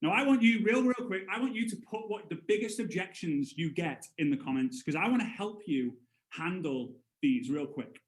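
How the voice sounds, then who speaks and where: An energetic network marketing trainer, a man in his 30s, delivers live motivational sales training at a moderate pace. His voice is high, the room is echoey, and he brings his stories alive by acting out voices with big swings.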